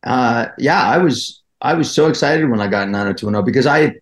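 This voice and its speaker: A man in his fifties from New Jersey, a guest actor telling stories in a casual podcast interview, rambling and halting as he goes. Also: medium pitch, lively intonation. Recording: roomy echo.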